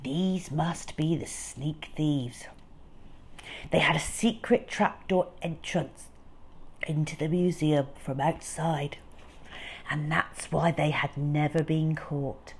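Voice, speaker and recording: A woman reading a children's storybook aloud, expressive and unhurried. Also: lowish voice.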